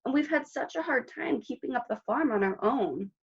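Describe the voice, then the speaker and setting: A woman voicing a young, poor farm boy in a storybook reading, in a high pleading child's voice. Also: animated, normal speed, vocal fry, breathy edge, highs cut off, full character voice. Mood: ashamed.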